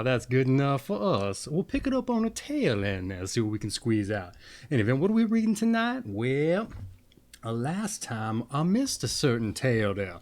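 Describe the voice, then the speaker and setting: A man's voice: mid-range voice, very animated, moderate pace. A man hosting a casual fairy-tale reading, easygoing and folksy in manner. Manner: folksy, easygoing, with fillers and chuckles. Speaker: storyteller host.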